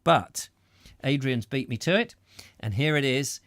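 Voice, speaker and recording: Rambling host, dry close sound. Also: male voice, medium pitch, measured pace, a bit bright, no echo. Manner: rambling, hesitant, with many fillers and restarts. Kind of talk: casual chat.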